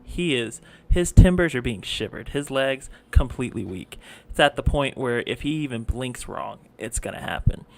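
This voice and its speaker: A man running a tabletop role-playing game as game master, narrating in an animated way and slipping into quick character voices. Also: medium pitch, gravelly.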